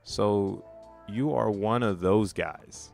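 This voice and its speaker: A man's voice: fairly low pitch, takes it slowly, gravelly, a little mellow, faint music behind. A man casually streaming, reading social media posts aloud with profane slang and frequent laughter. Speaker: crypto streamer.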